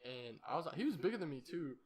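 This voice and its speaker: A man's voice: on the high side, animated, quick pace. A young man hosting a podcast, telling a story in a rambling, profane, casual way and laughing at himself. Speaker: podcast host.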